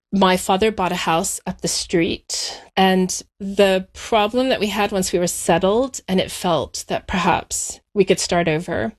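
Woman calmly recounting a hard childhood. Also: on the low side. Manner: measured, reflective storytelling, slowing on painful moments. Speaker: interview guest. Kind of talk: personal recollection in interview.

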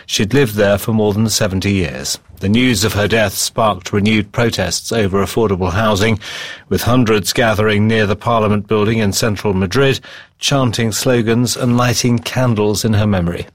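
Low-voiced man presenting the news. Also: fairly even intonation, moderate pace, no echo. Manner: clear, formal presenting. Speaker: news program host. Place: studio.

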